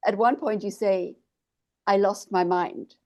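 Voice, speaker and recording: A woman's voice: medium pitch, steady tone, measured pace, darkish tone. A woman hosting an interview, asking curious questions and prompting her guests to go on. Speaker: interview host. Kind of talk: casual interview conversation.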